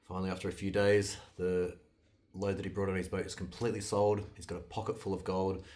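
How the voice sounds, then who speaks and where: Deep-voiced male storyteller. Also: quick pace. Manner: loose retelling with restarts, lively swings in loudness. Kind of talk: casual fairytale storytelling.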